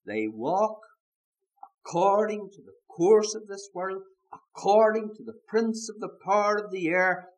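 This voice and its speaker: At a church service, a man preaches fervently in a high voice, drawing out words for emphasis, rising to loud shouts and unleashing strings of rhetorical questions.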